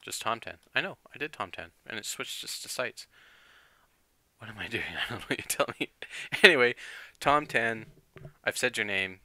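Man, game streamer, casual chat with viewers, keeps clearing throat, very bright edgy tone, dry close sound. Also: medium pitch, animated, normal speed, pauses often, no room sound. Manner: chatty, thinks aloud with fillers and laughs.

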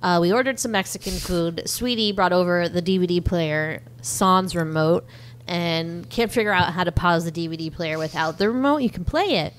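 A woman's voice: on the low side, moderate pace. A woman co-hosting a podcast, chatting casually about a movie, laughing often and swearing now and then. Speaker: podcast co-host.

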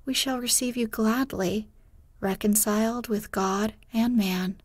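A kindly old village pastor pleads gently and earnestly, as a woman reads him in a bedtime story. His words come slowly and softly, with a close, dry sound. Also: a little high, no room sound.

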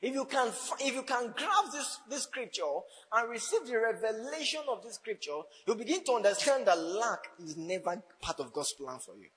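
A man's voice: extremely high pitch, expressive, moderate pace, few pauses, a bit bright, big-room sound, poor audio. A man preaching a sermon as a pastor, teasing his congregation and laughing often. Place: church hall.

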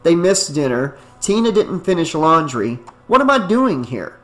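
A man's voice: fairly high pitch, sing-song, measured pace. A man voicing a blunt, frustrated male caretaker in an audiobook reading.

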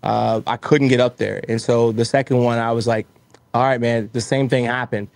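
A man's voice: medium pitch, fairly even intonation, fairly quick, gravelly, darkish tone, no room sound. Earnest motivational man, dry sound. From Texas. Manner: earnest, motivational, acts out his own inner voice. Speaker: guest, roofing business owner. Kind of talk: casual interview storytelling.

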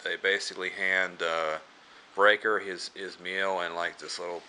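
Male vlogger, low voice with a hard edge; rambling plot recap full of "uh"s and throat clearing. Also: little pitch movement, moderate pace, pushed and bright, slight background noise. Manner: rambling, many filler words and restarts. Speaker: movie reviewer. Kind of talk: casual plot retelling.

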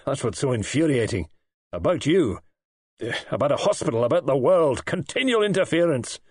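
A man's voice: fairly low pitch, animated, normal speed, darkish tone, slightly rough, dry recording. A man playing a bitter, bad-tempered patient. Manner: curt, indignant, contemptuous.

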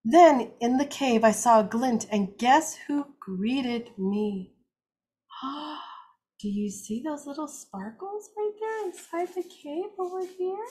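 An older woman teaching a children's circle time, reading picture books aloud in an animated, expressive, gentle way. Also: high-pitched, slow pace.

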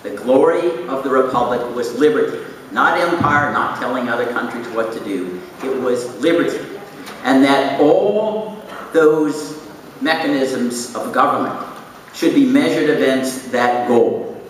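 A man's voice: medium pitch, expressive, unhurried. Man, formal and emphatic speaker, distant in a big reverberant hall. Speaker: conference speaker. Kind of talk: formal political speech. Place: large conference hall. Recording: echoey hall, speaker from far off, faint noise.

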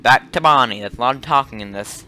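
A young man casually commenting on a horror game as he plays, jumpy and excitable, yelping when startled. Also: medium pitch, fast, slight background noise. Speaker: gaming channel host. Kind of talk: let's play commentary. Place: home room.

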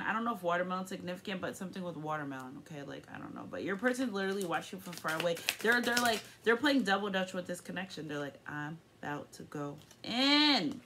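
A woman's voice: mid-range voice, a bit bright, a little hiss or hum. A woman giving a casual tarot reading, rambling, profane and upbeat. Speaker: tarot reader.

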